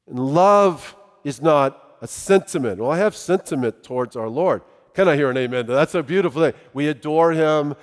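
A middle-aged man, a pastor, preaching a sermon in a conversational, animated way. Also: a little high, normal speed, hardly any pauses. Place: church sanctuary. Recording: long reverb of a large hall.

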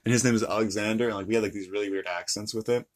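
A man's voice: fairly low pitch, steady tone, racing. A young man in casual, playful chat, rambling and laughing often.

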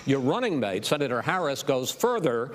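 A man moderating a televised debate, measured and firm, pressing with pointed questions. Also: mid-range voice, sing-song, slight background noise. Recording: reverberant debate hall.

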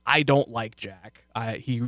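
A man chatting casually about a TV show as co-host, rambling and restarting, often trailing off quietly. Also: medium pitch, unhurried, no echo, clean studio sound. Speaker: podcast co-host.

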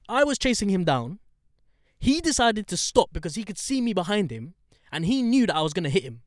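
A young man telling a story in casual chat, animated, swearing and getting heated as he talks. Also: fairly quick, dry recording, clean studio sound. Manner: animated storyteller, swears, gets heated and high when indignant.

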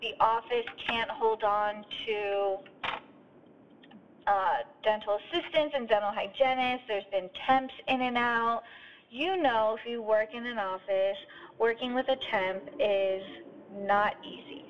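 A woman's voice: a little high, slow pace. A woman hosting a podcast, telling an earnest, heartfelt story in a voice note recorded while driving. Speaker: podcast host and coach. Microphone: phone voice note. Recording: dull lo-fi phone memo with faint road noise. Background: faint driving sounds.

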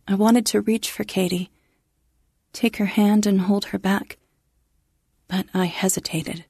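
A woman narrating a first-person science fiction story in a measured, restrained way. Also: medium pitch, fairly even intonation, a little mellow, slightly rough, no echo, studio quality.

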